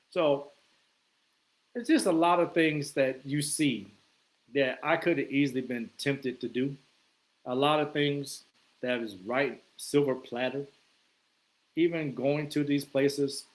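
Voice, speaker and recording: A man's voice: mid-range voice, rough recording. A man talking casually to camera, telling stories in a loose, conversational way with plenty of swearing and acted-out reactions. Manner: acts out his own reactions in quoted asides. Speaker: vlogger. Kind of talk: casual storytelling monologue.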